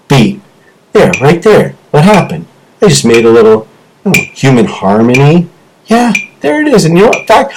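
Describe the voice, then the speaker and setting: A man's voice: medium pitch, background noise. A middle-aged man hosting his own video, talking to camera in an impassioned, rambling monologue that jumps from topic to topic. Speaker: self-improvement video host. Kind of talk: animated solo monologue to camera.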